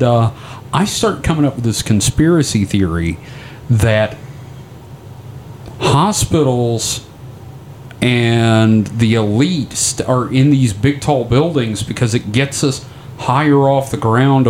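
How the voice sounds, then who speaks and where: A man in casual podcast chat, rambling through a long story and swearing freely. His voice sits at an ordinary middle pitch. A faint hiss of noise runs underneath. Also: a little mellow. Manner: rambling storyteller, profane, loose and joking. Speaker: podcast co-host.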